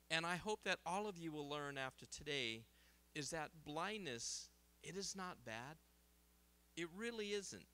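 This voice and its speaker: A middle-aged man, an optometrist, speaking at a seminar in a lively storytelling way and laughing at his own jokes. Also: a little high. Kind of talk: seminar talk with anecdotes. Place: seminar hall.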